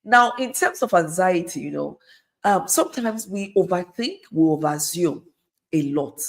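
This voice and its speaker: This is a middle-aged woman, a guest, whose lowish voice is expressive and moves at a normal speed. In earnest conversation she gives advice, echoing key phrases to underline them.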